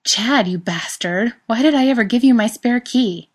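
A woman's voice: lowish voice, steady tone, brisk, lightly acted. A woman voicing a playful, teasing male English professor who cracks jokes. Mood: mock outraged. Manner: teasing, wisecracking.

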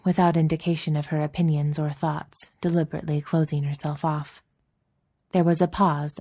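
A woman narrating a story as an audiobook reader, in a steady, even storytelling manner. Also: deep voice, dry recording. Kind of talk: narrating a fan fiction story.

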